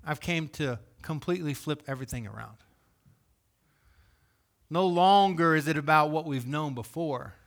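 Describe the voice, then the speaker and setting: A preacher speaking the words of a calm, authoritative teacher figure in a firm, declaring tone. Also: male voice, a little high, normal speed, creaky, pauses often.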